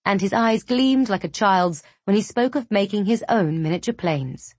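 A woman narrating a first-person novel in a measured, even audiobook reading. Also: mid-range voice, husky, no echo.

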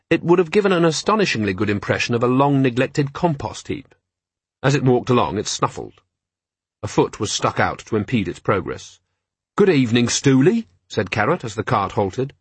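A man narrating a novel in a measured, dry storytelling manner. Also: mid-range voice, slightly rough, no echo. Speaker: audiobook narrator. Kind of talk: scripted narration.

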